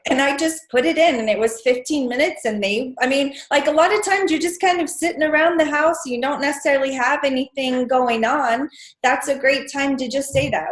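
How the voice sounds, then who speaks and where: High-voiced woman, earnest and roomy. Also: brisk. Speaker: team member. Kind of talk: casual team talk.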